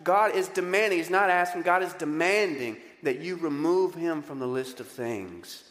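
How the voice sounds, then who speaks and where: A male pastor preaching a lively, conversational sermon and often putting questions to the congregation. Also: a little high, normal speed, long reverb tail. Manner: animated, conversational, asks the crowd questions.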